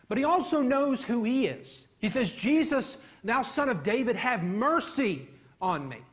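A man preaching an earnest sermon, emphatic and given to repeating himself. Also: extremely high pitch.

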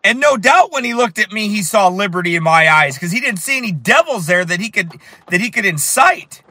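A fiery man preaching in a high, bright voice that cuts through. He tells his story with strong emphasis and builds to shouts. His tone stays sharp and forceful. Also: sing-song, a little fast, dry recording. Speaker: street preacher. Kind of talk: preaching while telling a story.

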